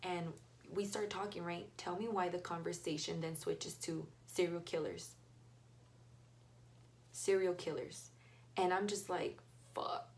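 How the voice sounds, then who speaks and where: A woman's voice: on the low side, fairly even intonation, a little slow, long pauses, darkish tone, a little hiss or hum. A young woman retelling a story in a casual, blunt and profane way, acting out the dialogue. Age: young adult. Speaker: vlogger.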